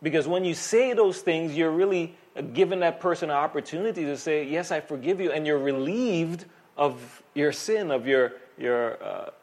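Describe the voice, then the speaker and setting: A man's voice: fairly high pitch, moderate pace, few pauses. Emphatic male pastor preaching. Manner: animated, emphatic preaching with vivid asides. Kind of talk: sermon.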